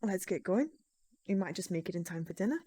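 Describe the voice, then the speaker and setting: A woman voicing a calm male private detective with a put-on Scottish accent. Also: lowish voice, brisk, husky.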